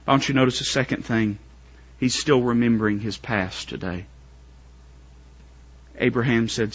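A man preaching a sermon to his congregation, building up to shouted, strained pleading climaxes. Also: mid-range voice, normal speed, long pauses, slightly rough, highs cut off.

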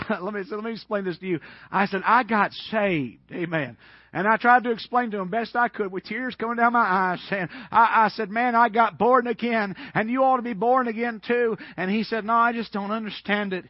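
Male preacher, folksy and emphatic, very high voice, dull dry recording. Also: fairly quick, no echo. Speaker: Baptist preacher. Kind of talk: sermon.

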